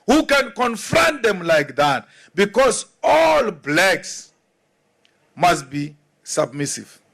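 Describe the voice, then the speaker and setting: A South African man speaks at a rally in a high voice with a gravelly edge. He delivers slowly, forcefully and emphatically, hammering points home by repeating them. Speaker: opposition politician. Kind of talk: political rally speech.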